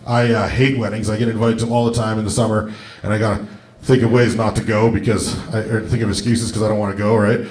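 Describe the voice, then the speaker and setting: Rambling stand-up comic. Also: male voice, lowish voice, flat delivery, quick pace, darkish tone. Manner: casual, rambling, frequent "right?" asides. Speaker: stand-up comedian. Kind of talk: stand-up comedy set. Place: comedy club stage before a live audience. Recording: echoey comedy club, from far off.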